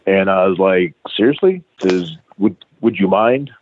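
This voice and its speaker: With a low voice at a moderate pace, a middle-aged man who trains wrestlers tells an interview-show host a profane, animated anecdote, acting out the lines he quotes. The tinny, phone-like line carries a little hiss or hum.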